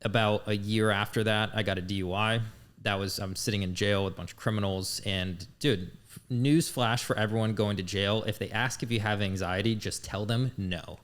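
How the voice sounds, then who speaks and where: A fairly low-pitched man in his thirties shares his story as a podcast guest. He talks in a casual, candid way and swears without a second thought. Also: fairly even intonation, moderate pace, fairly bright tone. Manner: candid, blunt, swears freely.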